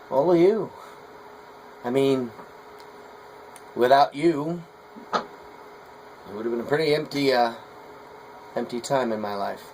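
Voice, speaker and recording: A man's voice: mid-range voice, a little mellow, low-quality recording. Middle-aged guy chatting while he works, folksy, rambly, faint ac hum behind. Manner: rambling, folksy, hesitant with fillers. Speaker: potter. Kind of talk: casual vlog talk while working.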